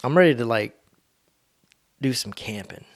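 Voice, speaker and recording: A man's voice: medium pitch, animated, a little slow. Rambling laid-back man, solo podcast. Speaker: podcast host. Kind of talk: casual solo monologue.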